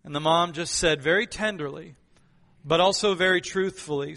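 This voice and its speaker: High, bright-voiced pastor preaching emphatically. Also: male voice, moderate pace, gravelly. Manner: emphatic, repeats key phrases, playful asides. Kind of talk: sermon.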